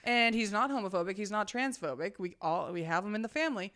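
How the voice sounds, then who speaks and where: Brash, bright-voiced young woman co-host. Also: mid-range voice, animated, fast talker. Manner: loud, brash and profane, bursting into shouts and laughter. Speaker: podcast co-host. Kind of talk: casual chat.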